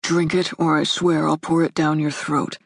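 A woman's voice: flat delivery, normal speed, creaky, husky, no room sound, exaggerated voice. A woman voicing a stern, protective young man who speaks curtly and firmly in an audiobook. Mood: commanding. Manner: curt, firm, low-voiced. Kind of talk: audiobook character voice. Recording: dry close studio recording.

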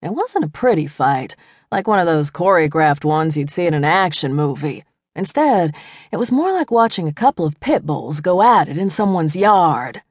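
A woman narrating an audiobook in a scripted, expressive reading, voicing each character in the dialogue. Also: sits low, normal speed, dry recording, studio quality.

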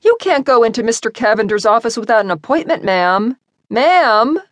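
A flustered female receptionist, anxious and apologetic, her voice high and pressing, as a woman narrator voices her. Heard in an audiobook read in a dry booth. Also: huge pitch swings, measured pace, no room sound, full character voice.

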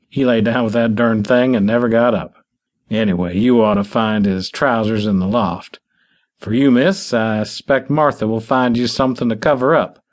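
A male narrator voicing a plainspoken old rural farmer who talks in a slow, folksy drawl. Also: medium pitch, close to an everyday voice.

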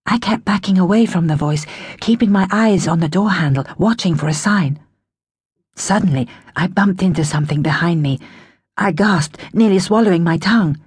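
A woman's voice: on the low side, animated, moderate pace, darkish tone, breathy edge, no room sound, clean studio sound. A woman narrating a children's audiobook in the first person, telling the story with expression.

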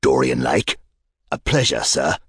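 Man putting on a husky, peppery British old-timer. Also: very deep voice, big pitch swings, a little slow, dry recording, pitched below the performer's own voice, full character voice. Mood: sizing up. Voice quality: husky tobacco-ravaged warble. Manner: blunt, profane, peppery. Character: gruff aging balding British collector, crude.

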